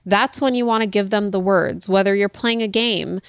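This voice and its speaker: A woman's voice: medium pitch, moderate pace, smooth, dry recording. Earnest parenting-advice woman, thirties, dry close sound, plain conversational delivery. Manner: earnest, explanatory, repeats key phrases. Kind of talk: casual advice talk.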